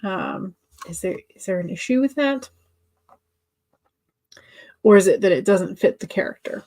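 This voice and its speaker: A woman's voice: mid-range voice, expressive, measured pace, a little mellow. A woman hosting a writing-sprint livestream, chatting casually and answering viewer comments with many fillers and restarts.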